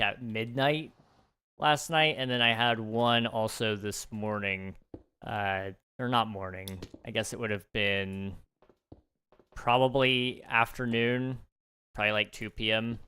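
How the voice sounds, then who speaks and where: Young male game streamer, easygoing chatter, bright clear voice. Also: medium pitch. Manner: chatty, relaxed, thinks aloud with fillers and small laughs. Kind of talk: casual live-stream chat while gaming.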